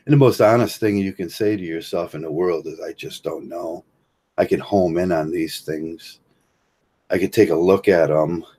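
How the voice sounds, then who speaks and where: A man's voice: sits low, mellow, breathy edge. A man from Ohio with a Midwestern American accent, hosting a livestream and rambling through philosophy with many fillers and restarts. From Ohio, USA. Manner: halting, many fillers and restarts, chuckles often. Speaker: livestream host.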